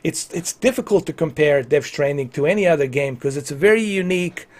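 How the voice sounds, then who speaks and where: A man's voice: fairly high pitch, animated, brisk, a little mellow. A man in his forties chatting casually on a gaming livestream, rambling, repeating himself and giving earnest opinions. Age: 40s. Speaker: livestream gamer.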